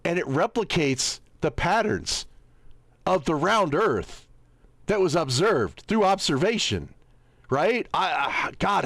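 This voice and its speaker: A man's voice: high-pitched, a bit bright, no echo. A man hosting a livestream, giving sarcastic, mocking commentary as he browses and squints at small text, often tossing out rhetorical questions. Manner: sarcastic, mocking, keeps asking "right?"; squints at small text, reads aloud haltingly. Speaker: livestream host.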